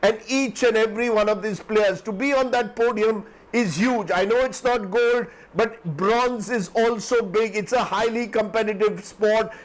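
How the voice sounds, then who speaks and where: Indian English man, 50s, news commentator, emotional and fervent, higher voice. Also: low-quality recording. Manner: fervent, emotional, halting with restarts. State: teary-eyed.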